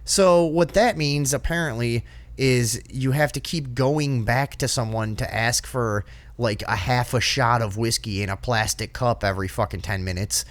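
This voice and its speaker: Profane, animated man telling a story. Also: medium pitch, moderate pace. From northern United States. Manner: profane, animated, mimics people he talks about. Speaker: podcast co-host. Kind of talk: casual storytelling chat.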